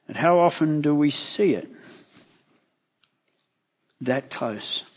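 A man preaching a sermon, retelling a Bible story in lively words and asking the listeners questions. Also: on the high side, slow pace.

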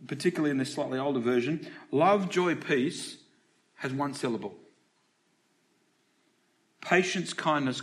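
A middle-aged Australian man preaching a sermon to a congregation in church, talking in a chatty way and asking them questions as he goes. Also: mid-range voice. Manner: conversational, asks the congregation questions.

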